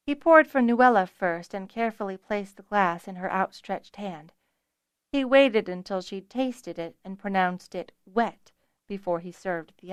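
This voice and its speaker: A woman narrating a fantasy audiobook in an even, measured storytelling voice. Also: medium pitch, dry recording, clean studio sound.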